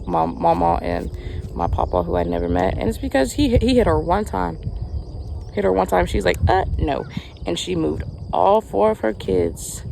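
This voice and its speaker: Out in the rural sunshine, a young woman with a Southern accent, a vlogger who works as a camp counselor, chats her way through a meandering story, often restarting and using fillers. Her voice sits on the low side with vocal fry and a darkish tone, over slight background noise.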